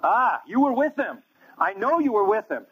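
A man voicing a sharp, prying servant woman accusing someone at a fire. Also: high-pitched, very animated, normal speed, slightly rough, pitched above the performer's own voice, full character voice. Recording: tinny phone-like line.

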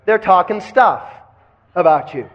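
A man's voice: high-pitched, animated, a little slow. A man teaching kundalini yoga in a live lecture, asking the class questions and having them repeat phrases back. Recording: dull lo-fi recording.

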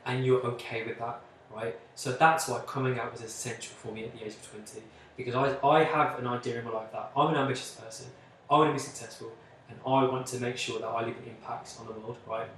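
A man in his twenties telling a candid personal story as a guest, chatty and open, often pausing on "like". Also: medium pitch, fairly even intonation, a bit bright, slight background noise. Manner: chatty, open, frequent "like" and self-interruptions. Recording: echoey room, distant mic.

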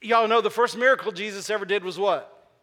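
A man's voice: high-pitched, a little fast, sharp tone. A man preaching a sermon as pastor, asking his congregation questions and repeating key phrases for emphasis. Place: church sanctuary. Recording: long reverb of a large hall.

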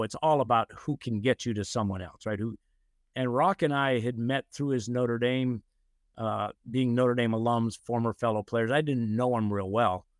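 A man's voice: medium pitch, dry recording. Older man, from the United States, casual storyteller, acts out quotes, dry close sound. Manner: animated anecdotes, acts out quoted voices, frequent "you know". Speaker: guest.

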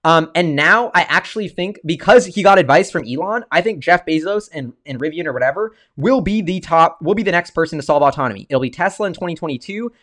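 A man hosting a casual livestream, excitable and rambling, often restarting his sentences as he talks. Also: fairly high pitch, quick pace, few pauses. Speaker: stock-market video host.

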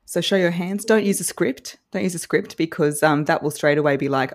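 Woman, deep voice, polished newsreader delivery, upbeat coaching tone. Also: steady tone, fairly quick, hardly any pauses. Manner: upbeat, encouraging. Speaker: guest social media coach. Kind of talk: podcast advice conversation.

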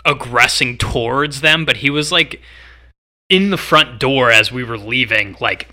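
Rambling young man, bright voice. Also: medium pitch, measured pace. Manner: rambling storyteller, filler-heavy. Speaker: podcast co-host. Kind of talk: casual chat.

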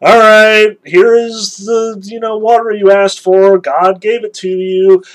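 A man voicing an exasperated, fed-up biblical prophet in a raised, loud, high-pitched voice. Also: lively intonation, slow pace, full character voice, poor audio.

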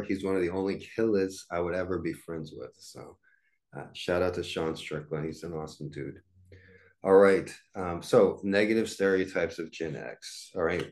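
A man's voice: low voice, darkish tone. A man in his forties hosting a casual solo podcast, rambling with lots of fillers and restarts. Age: 40s. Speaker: podcast host.

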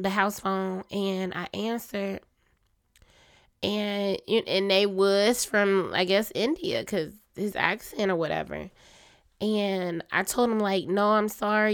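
A young adult woman hosts a casual personal podcast, chatty and confiding as she talks straight to listeners as "y'all." Her voice is a little hoarse and throaty, sounding deeper and more grown-up than her usual small one.

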